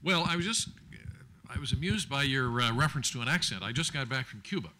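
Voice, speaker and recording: Measured older man, dry and hesitant. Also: medium pitch, expressive, sharp tone, a little hiss or hum. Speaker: former judge, lecture guest. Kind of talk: panel discussion. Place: law school lecture event.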